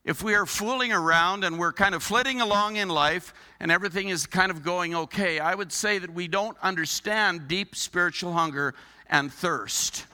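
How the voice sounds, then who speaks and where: A man's voice: high-pitched, normal speed, pushed and bright, in a large hall. A man preaching a sermon as a pastor, earnest, building his points with rhetorical questions.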